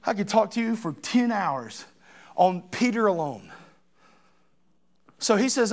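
A middle-aged man with a strikingly high voice preaches a sermon. He is animated and dramatic, slipping into the voices of Bible characters as he tells their stories. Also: measured pace.

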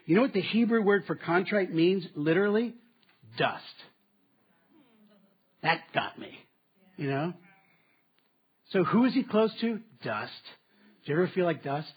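A man delivers a sermon in a somewhat high, husky voice. He swings from emphatic lines to hushed asides. The recording sounds a little dull and muffled. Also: expressive, a little slow, long pauses. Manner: dynamic preaching, dropping to quiet asides with laughs. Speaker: pastor.

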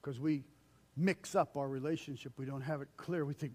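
An older man preaching a conversational sermon as pastor, acting out quoted voices and swinging between loud calls and hushed lines. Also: a little high, normal speed.

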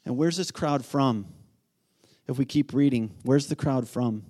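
A man preaching a sermon as pastor, building from quiet lines to excited, loud calls. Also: medium pitch, measured pace. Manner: animated, swings from quiet to near-shouting.

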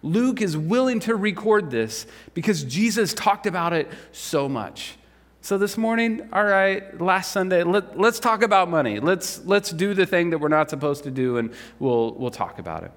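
A man delivers a Sunday sermon in an easy, conversational manner, tossing rhetorical questions to the congregation. His voice sits a little high for a man, and a long reverb trails his words around a large church hall. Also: sing-song, normal speed. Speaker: pastor.

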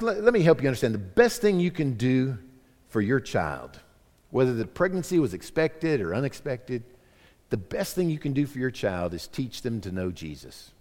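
A middle-aged man preaching a sermon as the pastor, telling the story in a lively, animated way. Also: fairly high pitch. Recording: long hall reverb.

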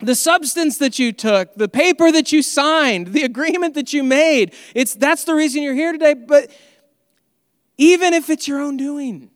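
A man's voice: very high voice, moderate pace, no room sound, clean studio sound, in a large hall. A man preaching an earnest, conversational sermon as pastor.

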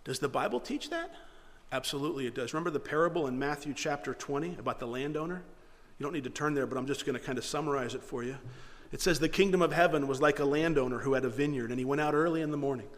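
A man's voice: fairly high pitch, quick pace, big-room sound. A man preaching a sermon as pastor, earnest and direct, sometimes acting out the voices he quotes.

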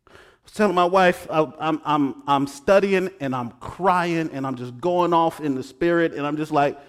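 A pastor preaching a sermon who teases his congregation and swings between hushed asides and loud exclamations. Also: on the high side, normal speed, clean tone. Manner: talks straight to the congregation, joking and teasing. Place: church sanctuary. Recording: long hall reverb.

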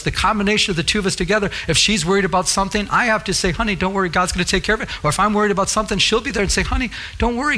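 A man's voice: high voice, bright, forceful tone. A middle-aged man preaching a sermon, earnest and repetitive, reading scripture aloud. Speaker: pastor.

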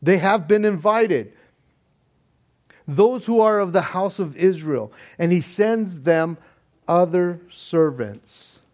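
Slow, high-voiced male preacher. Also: lively intonation. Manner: slow, deliberate preaching with soft laughs. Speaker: pastor. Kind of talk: sermon.

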